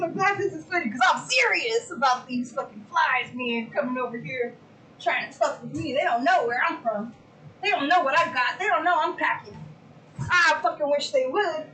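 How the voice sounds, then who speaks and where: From her home, a livestream host talks with her viewers at a normal speed, loose and excitable, with plenty of swearing. Her voice sits high, bright and forward, captured in a rough recording.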